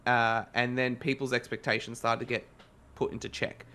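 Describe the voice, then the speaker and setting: A man's voice: medium pitch, moderate pace, fairly bright tone. Rambling Australian man on a podcast. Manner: rambling, self-correcting, conversational. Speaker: podcast co-host reviewing a game. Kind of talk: casual podcast chat.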